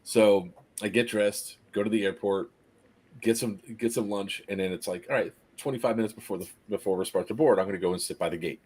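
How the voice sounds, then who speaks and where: Guy streaming, telling a story, kinda husky voice, acts out everyone, laughs a lot. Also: fairly low pitch, brisk. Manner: animated, laughs often, acts out the people in the story. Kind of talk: casual storytelling on a live stream.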